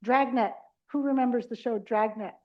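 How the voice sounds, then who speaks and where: A middle-aged woman leading a live dementia care workshop, chatty and animated, acting out little caregiver scenes and talking with the audience. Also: a little high, moderate pace, highs cut off. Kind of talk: live conference workshop talk. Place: conference room before a live audience.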